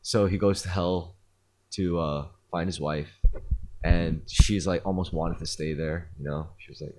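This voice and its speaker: Kinda low-voiced guy rambling through a story on a podcast, lots of "like", swears casually. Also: steady tone, a little slow, darkish tone, slight background noise. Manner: rambling, filler-heavy retelling with swearing. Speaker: podcast host. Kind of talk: casual chat.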